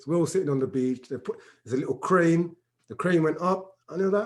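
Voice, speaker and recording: A man's voice: a little high, fast. A man in a casual group chat, animatedly telling a story and acting out the dialogue. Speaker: regular discussion member.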